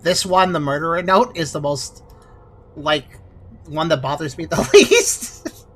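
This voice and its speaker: Woman with a lively, sarcastic voice. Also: low-pitched, a little slow. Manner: sarcastic, critical. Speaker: let's play host. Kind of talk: casual gameplay commentary.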